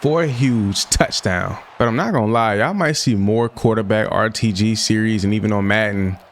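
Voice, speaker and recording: Young guy, kinda low voice, complaining thru his football game, gets loud at bad plays. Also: moderate pace. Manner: frustrated, venting, exclaims at plays. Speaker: gaming YouTuber. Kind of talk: casual gameplay commentary.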